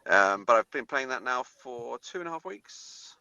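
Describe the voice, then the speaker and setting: A man's voice: medium pitch, animated, moderate pace, gravelly, sharp tone, highs cut off. A man with a posh English accent, chatting as a podcast guest, hesitant with lots of ums and uhs. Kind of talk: casual chat.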